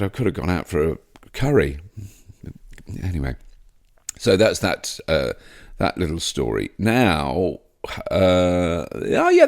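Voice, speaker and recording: Man, very deep voice, solo podcast host, rambling, self-mocking, laughs often.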